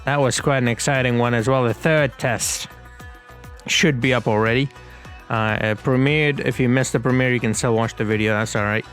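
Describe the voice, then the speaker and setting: A man's voice: medium pitch, steady tone, moderate pace, a bit bright, faint music behind. A man hosting a gaming video, giving casual play-by-play commentary in a chatty, rambling way with slangy asides.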